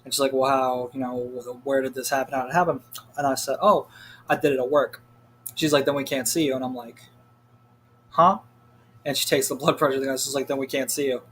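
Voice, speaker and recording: A man's voice: mid-range voice, steady tone, brisk, a bit bright, a little hiss or hum. A young man telling a story in a rambling, casual rant, full of swearing and filler words. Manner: rambling, profane, heavy on "like" fillers. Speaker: vlogger.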